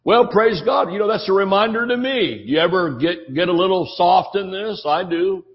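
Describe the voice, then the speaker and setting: A man's voice: high voice, normal speed. A man preaching a sermon as pastor, folksy and joking, acting out the quotes of the people he talks about. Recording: dull lo-fi sermon audio.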